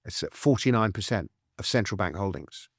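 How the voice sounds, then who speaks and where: A man's voice: lowish voice, animated, dry recording. Chatty man, dry close sound. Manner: chatty, restarts and quick asides while explaining. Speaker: author and financial commentator, guest. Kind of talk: casual interview conversation.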